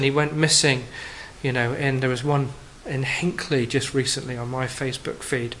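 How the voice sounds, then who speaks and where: A man preaches a sermon, calling the congregation his friends, rising for emphasis and dropping soft and low on key phrases. His intonation is fairly even at normal speed with few pauses, and the audio is poor.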